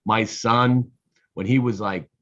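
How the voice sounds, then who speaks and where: A man's voice: lowish voice, steady tone, takes it slowly, a bit bright, lo-fi sound. A man in a casual group chat, telling rambling anecdotes.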